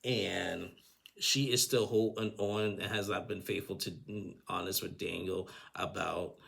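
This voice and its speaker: Deep, gravelly man recapping casually. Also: steady tone, unhurried, a bit bright. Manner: rambling, with frequent restarts and chuckles. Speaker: TV recap host.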